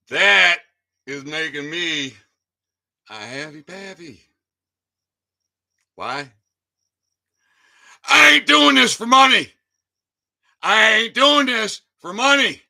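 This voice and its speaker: A man hosting his own channel, delivering a fervent rant full of hammering rhetorical questions, often shouting, his voice cracking with emotion. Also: high-pitched, expressive, drawn-out words, vocal fry, long pauses. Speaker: channel host. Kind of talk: impassioned livestream rant.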